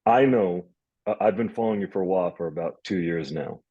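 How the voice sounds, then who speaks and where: A young man hosting a casual interview, telling stories in a rambling, animated way. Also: low voice, quick pace, husky, no room sound, dull audio. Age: young adult. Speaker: host.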